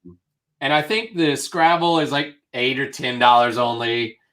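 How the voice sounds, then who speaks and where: A man's voice: mid-range voice, normal speed, a bit bright. A man co-hosting a casual live stream, chatty and rambling. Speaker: co-host of a reseller live show.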